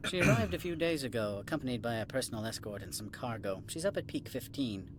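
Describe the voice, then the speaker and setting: An actor playing a curt, condescending middle-aged administrator in a video game. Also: male voice, medium pitch, expressive, quick pace, noisy background, lightly acted. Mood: dismissive. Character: haughty middle-aged male corporate administrator.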